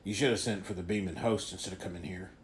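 A man voicing a wary, vengeful male swordsmith who speaks in a gruff, demanding way. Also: deep voice, fairly even intonation, fast talker, slight background noise, close to an everyday voice. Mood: defiant.

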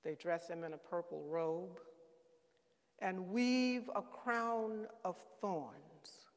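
Man, high voice, slow and grave, solemn church reading, long hall reverb. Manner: grave, deliberate, stressing key words. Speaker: reader at a Good Friday service.

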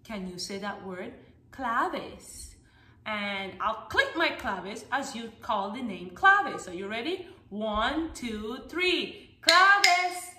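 A woman teaching a music lesson to small children, singing songs and talking to them in an animated, sing-song way. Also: fairly high pitch, slow. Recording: echoey room with background noise.

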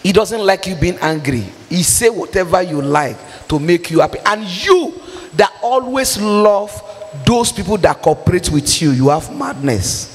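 A woman with a Nigerian accent preaching a sermon, exhorting forcefully and breaking into pidgin and shouts. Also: on the low side, animated, measured pace, in a large hall.

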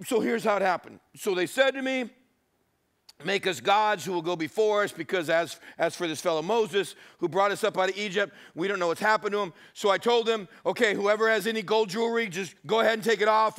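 Man putting on a high, whiny, stammering Aaron, flustered and excuse-making. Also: brisk, a bit bright. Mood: flustered pleading.

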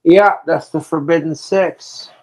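Slow, profane ranting male streamer. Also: a little high, steady tone, darkish tone. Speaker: livestreamer. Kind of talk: livestream rant.

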